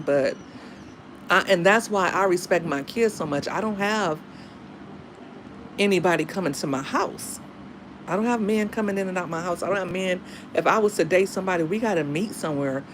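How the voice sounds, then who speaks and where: A woman's voice: fairly low pitch, a little hiss or hum. A middle-aged woman and single mother talking candidly and emphatically about dating and raising daughters, in a casual monologue.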